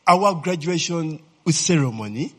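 Heard through the long reverb of a church hall, a male pastor with a slightly rough, higher-side voice preaches at a measured pace. His sermon is animated, full of questions to the congregation, invitations for them to fill in words, and repeated "eh?" tags.

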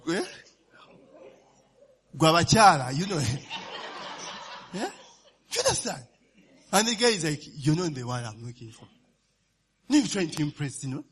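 A man's voice: sits high, fairly bright tone, slightly rough. A man preaching a sermon, forever asking "you understand?" and "eh?" and laughing between points. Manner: call-and-response asides, often asks "you understand?" and "eh?", laughs while preaching.

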